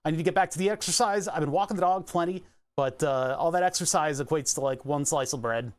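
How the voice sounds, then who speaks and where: A man's voice: on the high side, quick pace. A man streaming live, chatting casually and thinking aloud as he pedals an exercise bike, laughing often. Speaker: Twitch streamer.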